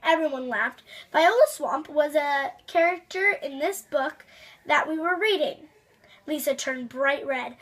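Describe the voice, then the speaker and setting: Young woman, high voice, slow storybook reading, chatty asides. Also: a bit bright. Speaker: storybook reader. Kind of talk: reading a children's chapter book aloud.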